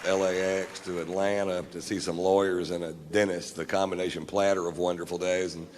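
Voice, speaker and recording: A middle-aged man telling a stand-up story in a deadpan, drawling, profane way. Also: sits low, fairly quick, background noise. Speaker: stand-up comedian. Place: comedy stage before a live audience. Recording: live hall recording with long reverb, faint ambience.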